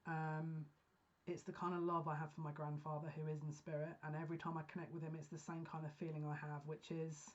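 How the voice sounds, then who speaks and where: A woman giving a pick-a-card psychic reading, talking earnestly and emotionally with halting restarts. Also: deep voice, little pitch movement. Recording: dull lo-fi sound.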